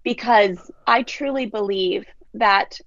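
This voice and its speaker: A woman talking as a parenting coach on a podcast, telling stories and quoting people with lively energy. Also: medium pitch, slow, gravelly, no room sound, highs cut off. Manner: storytelling, animated quoting of others. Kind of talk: casual podcast chat.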